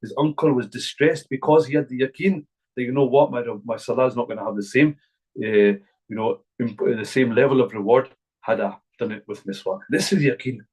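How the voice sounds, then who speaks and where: A man's voice: medium pitch, a little fast, a little mellow, breathy edge, low-quality recording. A middle-aged man from Glasgow, an imam giving an earnest, repetitive religious talk to a gathering. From Glasgow, Scotland. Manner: earnest, repetitive, emphatic preaching.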